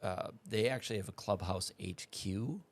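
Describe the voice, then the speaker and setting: Deep-voiced man in casual talk. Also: moderate pace. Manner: makes points with examples and asks "right?". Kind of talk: casual podcast chat.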